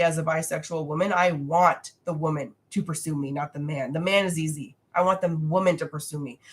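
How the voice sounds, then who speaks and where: A young woman with a slightly low voice, stuffy and nasal from a lingering cold. She chats frankly and casually from home while hosting a livestream, reading out viewer questions and answering them as she goes. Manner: frank, chatty, reads viewer comments aloud. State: congested, nasal from a recent cold.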